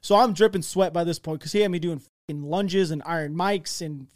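A man's voice: fairly high pitch, moderate pace, a little mellow, no room sound, clean studio sound. A young man telling a military story on a podcast in a rambling, self-interrupting way, acting out the voices in it. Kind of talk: casual storytelling chat.

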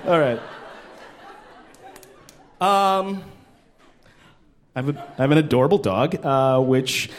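A man in his thirties performing a stand-up comedy set on a club stage into a handheld mic, animated and jumping into character voices. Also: unhurried, long pauses, a little hiss or hum. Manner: animated, jumps into high-pitched character voices.

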